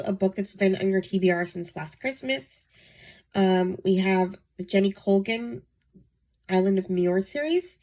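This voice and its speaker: A woman hosting her book channel, sick and nasal, talking softly to save her voice, with frequent ums. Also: lowish voice. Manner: soft-spoken, saving her voice, many ums. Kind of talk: casual book vlog.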